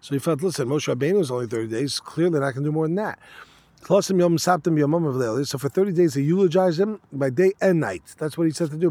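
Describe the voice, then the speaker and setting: A man teaching a Talmud class, reading Aramaic phrases in quick bursts and then explaining them in casual, conversational English with rhetorical questions. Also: on the high side, darkish tone, no echo.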